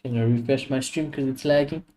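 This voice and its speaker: A man's voice: mid-range voice, steady tone, fast talker, dark tone. A man hosting a live football watchalong stream, giving blunt, opinionated reactions and swearing often.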